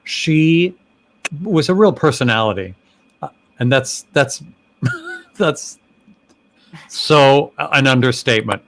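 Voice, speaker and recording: A man's voice: mid-range voice, big pitch swings, fairly bright tone. A man hosts a casual chat over a video call, taking his time and stretching out his words. He is chatty and breaks into laughter easily. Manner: chatty, laughing, slow and drawn out. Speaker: host.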